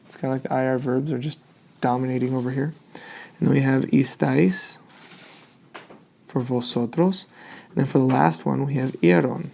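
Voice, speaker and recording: Man teaching a grammar lesson, gravelly. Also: mid-range voice, dark tone. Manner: explains step by step, checks in with "okay?". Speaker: Spanish teacher.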